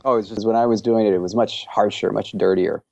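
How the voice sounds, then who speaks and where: A man's voice: lowish voice, fairly even intonation, a little fast, creaky, mellow, no echo, highs cut off. A man guesting on a podcast interview, talking enthusiastically and rambling with lots of fillers. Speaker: interview guest, language creator. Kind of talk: casual interview chat.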